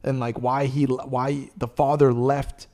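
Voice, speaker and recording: A man hosting a podcast, chatting casually and telling a long story in a rambling, profane, animated way. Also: medium pitch, slow. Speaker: podcast host. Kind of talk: casual chat.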